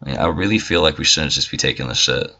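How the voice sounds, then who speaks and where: A man's voice: a bass voice, fast talker, creaky, bright, forceful tone, highs cut off. A man casually commentating a gameplay video, swearing freely and making mock-indignant asides. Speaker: gamer. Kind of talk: casual let's-play commentary.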